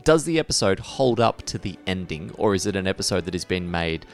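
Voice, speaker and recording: A man's voice: low voice, very animated, a little fast, faint music behind. A man co-hosting a podcast, talking in a thoughtful, rambling way with many restarts. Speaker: podcast co-host. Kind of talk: casual podcast chat.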